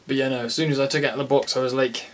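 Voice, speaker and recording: A man's voice: medium pitch, steady tone, rapid-fire. An English man casually reviewing a camera lens in a rambling, jokey, sweary vlog chat.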